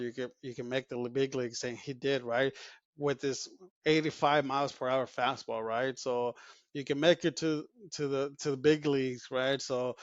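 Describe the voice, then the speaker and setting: A man's voice: medium pitch, no echo, highs cut off. A man co-hosting a sports podcast, talking casually in a rambling way with many fillers and restarts. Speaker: podcast co-host.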